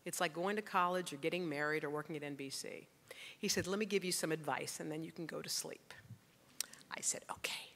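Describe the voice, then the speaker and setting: A middle-aged woman tells her story from a stage, acting out each voice in it. Her tone is bright and a little low. A long reverb from a large hall trails behind her words. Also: fast. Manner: animated storyteller acting out dialogue. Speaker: keynote speaker. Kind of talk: storytelling speech.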